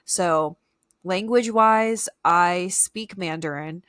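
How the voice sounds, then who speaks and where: A young woman co-hosting a podcast, chatting in a bubbly, rambling way. Her voice sits a little low and sounds close and dry, with no room around it. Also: takes it slowly, a bit bright, no echo. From United States. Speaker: podcast co-host. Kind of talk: casual chat.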